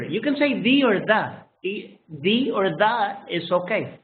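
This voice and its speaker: A man's voice: high voice, animated, measured pace, hardly any pauses. A man whose first language is Spanish, teaching English pronunciation and repeating each sound again and again. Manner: drills single sounds, repeating each one several times. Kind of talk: pronunciation lesson. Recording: tinny phone-like sound in an echoey room.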